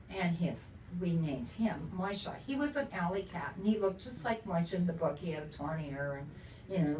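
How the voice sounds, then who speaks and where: A woman's voice: on the low side, darkish tone, a little hiss or hum. An older woman author telling chatty stories to an audience at a book event, laughing often. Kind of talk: casual storytelling to an audience. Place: bookstore event room. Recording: roomy, from a distance, faint ambience.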